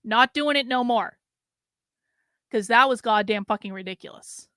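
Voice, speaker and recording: A middle-aged woman hosts her own show alone, rambling through her thoughts with lots of fillers, exasperated and drained. Her voice sits a little high and sounds bright and forward. It is recorded dry and close. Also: normal speed, dry recording. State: drained and low on energy. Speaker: host. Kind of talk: casual solo commentary.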